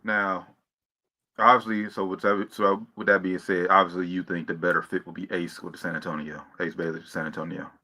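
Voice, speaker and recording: A man co-hosting a sports podcast, talking casually with many halting restarts. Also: low voice, flat delivery, bright, forceful tone. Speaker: podcast co-host.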